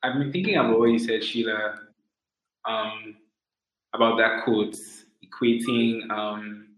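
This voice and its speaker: A man co-hosting a podcast with a low voice, feeling his way through a question with pauses, ums and restarts. His voice carries the echo of a reverberant room. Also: fairly bright tone. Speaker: podcast co-host. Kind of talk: casual conversation. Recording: echoey room sound.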